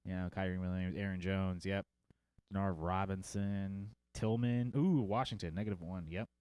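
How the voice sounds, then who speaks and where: A man's voice: sits low, steady tone, moderate pace, a little mellow, clean tone, dry recording. A man hosting a fantasy football show in a casual livestream style, rambling through lists of results with jokey, self-mocking asides.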